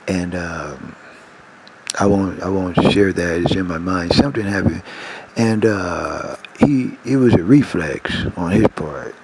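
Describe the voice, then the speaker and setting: A man with a low, gravelly voice tells his personal spiritual story in a meandering way. He keeps backing up, correcting himself and restarting. A faint hiss of noise sits under the voice. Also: measured pace. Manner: meandering, self-correcting, repeats "long story short". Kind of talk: rambling personal spiritual testimony.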